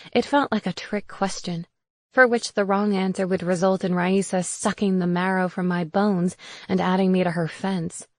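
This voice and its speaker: A woman's voice: on the low side, fairly even intonation, moderate pace, darkish tone, dry recording, clean studio sound. Woman narrating a cozy mystery. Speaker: audiobook narrator. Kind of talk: first-person audiobook narration.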